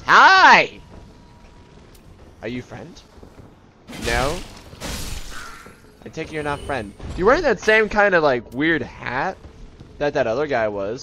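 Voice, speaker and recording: Animated man joking through a game. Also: mid-range voice, background noise. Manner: jokey, talks to game enemies in silly voices. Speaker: gameplay commentator. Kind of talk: let's play commentary.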